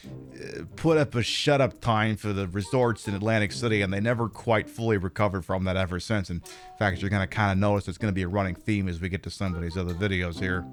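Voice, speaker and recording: A man's voice: low voice, fairly even intonation, fast talker, faint music behind. A man hosting a casual live stream, jokey and profane, reading chat names and thanking viewers.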